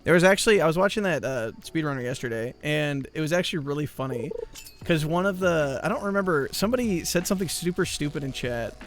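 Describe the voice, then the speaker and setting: A man's voice: on the high side, expressive, fast talker. A man streaming live, chatting with his viewers in a rambling, joking, mock-exasperated way. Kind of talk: casual chat with viewers.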